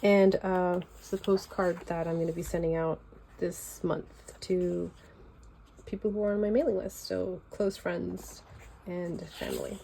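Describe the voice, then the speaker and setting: Her voice is lowish, level and warm with vocal fry, unhurried in pace: a young woman with a Californian accent casually chatting at home as she flips through her sketchbook. The talk is loose and rambling, peppered with fillers, with slight background noise.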